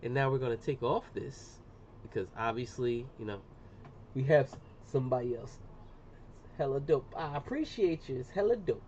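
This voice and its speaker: A middle-aged man chatting casually on a live stream as he demonstrates an engraving job, slangy and talkative, often saying "boom". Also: expressive, moderate pace, a little mellow. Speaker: livestreamer doing laser engraving. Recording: muffled lo-fi sound with faint room noise.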